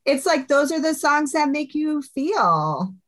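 A woman's voice: high-pitched, very animated, slow pace, a bit bright. A woman, a hardcore band singer, chatting casually as a podcast guest, laughing often and saying "like" a lot.

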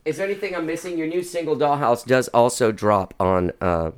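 A man's voice: medium pitch, fairly quick. A man hosting a radio show, chatting casually with guests, rambling and laughing easily. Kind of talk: casual interview chat.

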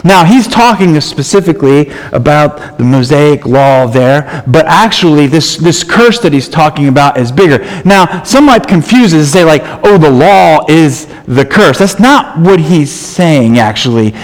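A man preaching a sermon, reading scripture aloud and explaining it with emphatic, animated delivery. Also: a little high, measured pace, few pauses. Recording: long reverb in a large hall.

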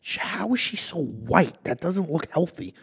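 Brief: male podcast guest, raspy voice, rowdy casual banter. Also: fairly high pitch, measured pace. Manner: loud, excitable, crude banter. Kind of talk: casual chat.

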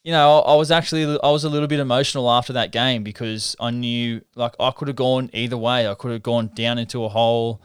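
A man's voice: mid-range voice, steady tone, fast talker, hardly any pauses, clean tone, no echo, clean studio sound. A man, a guest in a casual interview, telling a story in a reflective, earnest way with many restarts. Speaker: interview guest, professional rugby league halfback.

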